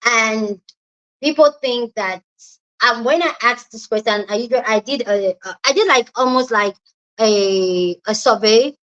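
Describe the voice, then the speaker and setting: A young Nigerian woman with a Delta pidgin lilt hosts a casual livestream, talking slowly and chatting with her viewers. Her voice sits a bit higher than most, and the stream audio sounds slightly muffled and dull. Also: a bit bright. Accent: Nigerian, Delta pidgin-tinged. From southern Nigeria. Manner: chatty, greets viewers, laughs often. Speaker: livestream host. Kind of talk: casual live chat with viewers. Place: indoors at home.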